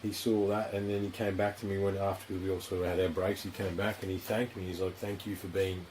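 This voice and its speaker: A man's voice: low-pitched, level tone, brisk, a little mellow, slight background noise, poor audio. An Australian man hosting a podcast in a studio, talking in a rambling, frank way with plenty of swearing and filler phrases. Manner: rambling, frank, heavy swearing, constant "you know". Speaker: podcast host. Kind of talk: casual interview chat.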